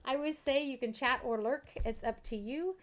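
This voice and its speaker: A woman's voice: sits high, moderate pace. A woman from Kentucky, chatting casually and giggling as she streams a life-sim game. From Kentucky, USA. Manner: chatty, giggly, talks to her chat.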